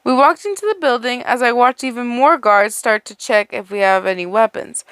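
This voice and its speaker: A woman with a slightly higher voice reads a fan fiction story aloud. The sound is close and dry, with no room around it. She stumbles and restarts words as she goes and drifts into casual asides. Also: normal speed, fairly bright tone, smooth, no echo. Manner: breaks off into chatty, laughing asides. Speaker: story reader.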